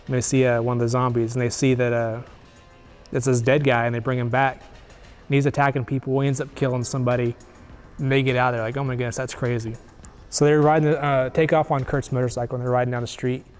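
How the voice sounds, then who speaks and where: A man in the middle of his range, talking through a movie plot in a loose, rambling way, full of "uh"s, restarts and quick quoted lines. Faint music sits underneath him. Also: mid-range voice, darkish tone. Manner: rambling, filler-heavy plot retelling with quick acted quotes. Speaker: movie review host. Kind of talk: casual movie recap.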